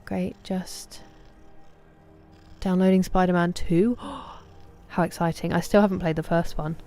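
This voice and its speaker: A woman with an English accent streaming a game, chatting casually and warmly greeting viewers by name, sometimes dropping to a whisper. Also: fairly low pitch, a little slow, faint music behind.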